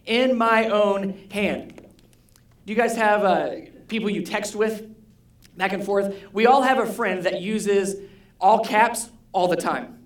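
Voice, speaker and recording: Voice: mid-range voice, slow pace. A pastor preaching a conversational sermon, often asking the congregation questions and repeating key words. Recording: roomy hall echo.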